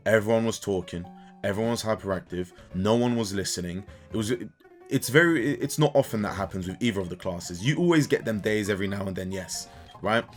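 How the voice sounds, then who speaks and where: A young man in casual gaming commentary, an animated storyteller who swears and keeps tagging "right?" as he vents about coaching. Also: fairly low pitch, a little fast, faint music behind. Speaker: gaming YouTuber and kids' sports coach. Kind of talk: casual ranting commentary over gameplay.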